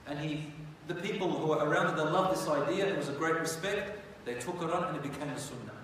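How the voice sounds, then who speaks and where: A man's voice: fairly high pitch, quick pace, a bit bright. A man teaching religious history as a conversational storytelling lecture, often asking his listeners rhetorical questions. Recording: echoey hall from far off, faint noise.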